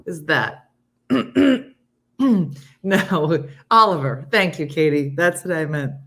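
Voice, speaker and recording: This middle-aged woman speaks slowly in a deep voice while hosting a casual morning chat show. She's chatty and animated, talking loosely and reading viewer comments out loud.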